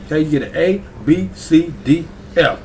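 A man's voice: fairly high pitch, moderate pace, a little mellow, a little hiss or hum. Chatty male reaction-video host. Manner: chatty, keeps checking in with viewers. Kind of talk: casual reaction commentary.

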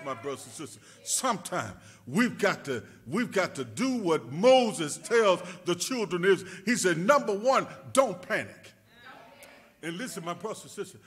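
A male pastor preaching a sermon, rising to shouts and dropping to a hush, repeating words and calling out to his congregation. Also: breathy edge. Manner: rising to shouts then dropping low and quiet.

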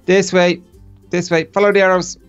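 A man chatting casually as co-player in a let's-play, quickly guiding the other player. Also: sits high, flat delivery, smooth, lo-fi sound, soft background music.

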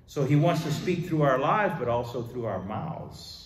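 A man preaches a sermon in a church, his pitch rising and falling in lively, animated swings. He surges into loud declarations, then drops to quieter asides. The sound rings in a roomy, echoing hall. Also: moderate pace, distant mic. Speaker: pastor. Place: church sanctuary.

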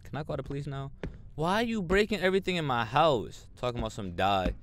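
A man commentating a horror game, swinging between mumbled slangy banter and loud frightened shouts. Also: medium pitch, animated, fast talker, slight background noise. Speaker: gamer playing a horror game. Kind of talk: let's play commentary.

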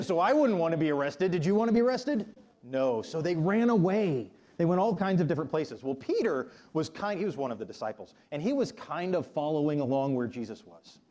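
A man of average pitch gives a children's sermon as pastor of a church. He tells the story casually and keeps putting questions to the young listeners. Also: a little mellow. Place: church sanctuary.

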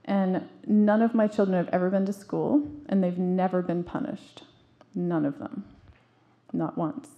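A woman's voice: on the low side, steady tone, a little slow, muffled recording. A woman in her forties giving an earnest, emphatic talk to an audience, telling stories from her own life with frequent restarts. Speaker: parenting speaker.

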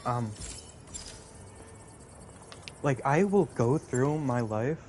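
A man's voice: medium pitch, animated, a little slow, a little mellow, faint music behind. A young man in casual gaming chat, rambling with lots of fillers and casual swearing. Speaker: co-player chatting.

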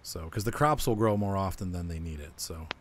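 There's background noise as a man with a low voice plays a co-op farming game, talking a little fast. He is the let's-play host, casually walking through his plans while playing.

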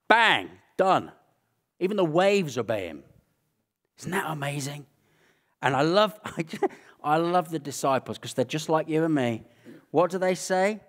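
A man with an English accent preaching a sermon, telling Bible stories with animated, acted-out energy. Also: sits high, a little slow. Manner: animated storytelling, acting out scenes. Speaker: pastor.

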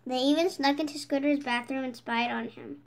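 A young woman reads a children's storybook aloud in a clear, even narrating voice. Her voice sits high. She keeps a steady storytelling rhythm. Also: moderate pace. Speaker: storybook reader. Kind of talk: reading a children's picture book aloud.

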